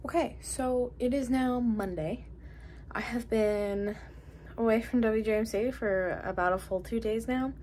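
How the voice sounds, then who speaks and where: A woman's voice: fairly high pitch, measured pace, darkish tone, a little hiss or hum. Chatty young woman vlogging. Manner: chatty and gushing. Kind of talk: casual vlog narration.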